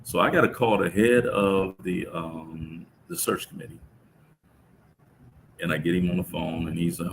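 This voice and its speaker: A middle-aged man telling a personal story about his son in an interview, speaking in a reflective, halting way with many restarts. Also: low voice, steady tone, gravelly, a little hiss or hum, poor audio. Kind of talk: conversational storytelling.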